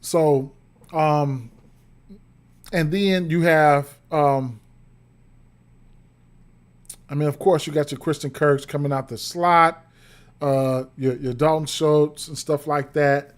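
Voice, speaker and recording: A man's voice: a little high, fairly even intonation, slow. A man doing casual livestream betting analysis, rambling with frequent fillers and repeated words, interrupted by hiccups. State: has the hiccups. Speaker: sports betting streamer.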